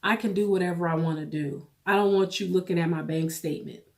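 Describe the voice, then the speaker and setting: A woman with a somewhat low voice talks straight to camera in a personal vlog. She is tearful and holds back crying, and her speech comes out halting, with phrases repeated as she works through the story. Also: steady tone. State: tearful, holding back tears. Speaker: vlogger.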